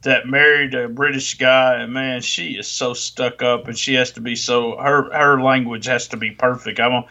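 Middle-aged Southern man, bright, lo-fi. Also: medium pitch, flat delivery, moderate pace, gravelly, few pauses. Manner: rambling, self-correcting. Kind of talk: casual chat. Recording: dull lo-fi audio.

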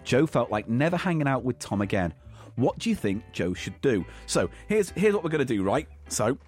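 A man's voice: medium pitch, big pitch swings, moderate pace, darkish tone, faint music behind. A man reading game rules aloud and bantering teasingly as a comedy co-host. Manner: reads aloud, teasing, swears, laughs.

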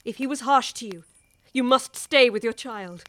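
A woman's voice: on the high side, normal speed, a bit bright, close to an everyday voice. Mrs Erlynne, an actress playing an impassioned older woman. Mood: imploring. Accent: English. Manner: impassioned, pleading, urgent. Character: worldly older woman pleading with a young wife. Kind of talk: radio drama acting.

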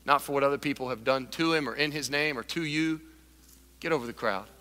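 A man preaching a sermon as pastor, animated, acting out the voices of Bible characters and a grumbling crowd. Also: medium pitch, a little fast, long reverb tail.

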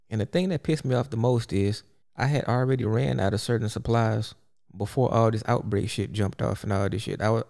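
A man hosts his own podcast and rants straight through, blunt, exasperated and full of profanity. His voice is dark and mellow, with a gravelly, creaky edge. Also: mid-range voice. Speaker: podcast host. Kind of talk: solo podcast rant.

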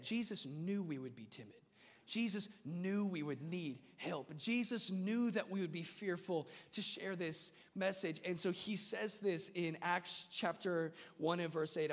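A male pastor preaching a sermon in an energetic, humorous, conversational way. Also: sits high. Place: church sanctuary. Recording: reverberant church hall.

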